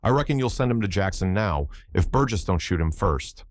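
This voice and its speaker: A man's voice: deep voice, expressive, brisk, no echo, studio quality. A man voicing a resentful, sneering young man in an audiobook. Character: bitter, self-pitying young man.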